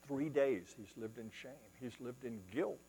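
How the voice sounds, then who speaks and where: A male preacher delivering a sermon, retelling scripture as dramatic storytelling, rising to loud exclamations and dropping to hushed asides. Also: medium pitch, unhurried, big-room sound, a little hiss or hum, rough recording.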